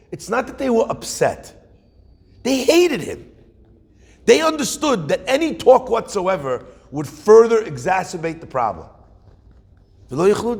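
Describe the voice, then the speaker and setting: A middle-aged man preaching as a rabbi, his fairly high voice gravelly and husky. He tells stories and keeps asking the room questions. A long reverb trails behind him in the hall. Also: darkish tone. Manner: storytelling with Yiddish-flavored phrasing and rhetorical questions. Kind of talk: sermon. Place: room with an audience.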